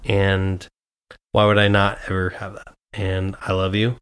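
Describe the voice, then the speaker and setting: A young man from Nebraska sits in as a guest on his own podcast. His voice sits low, and he peppers easy storytelling with curses. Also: completely flat delivery, unhurried, a bit bright, clear, resonant tone. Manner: swears freely, storytelling with quoted voices. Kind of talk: casual chat.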